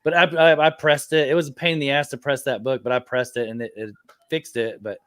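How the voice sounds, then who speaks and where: A man's voice: medium pitch, fast, fairly bright tone, clear, resonant tone, no echo. A man in a casual group chat, telling rambling stories about his collection. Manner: rambling storyteller, laughs at own stories. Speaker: comic collector.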